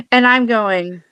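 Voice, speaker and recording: A middle-aged woman, a podcast guest, who talks in a relaxed, easygoing way and laughs often while swapping parenting stories. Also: a little high, clear, resonant tone, no echo. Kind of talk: casual chat.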